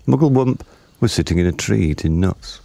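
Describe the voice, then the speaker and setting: A man narrating a children's story in a measured, expressive reading. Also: deep voice, vocal fry, no room sound.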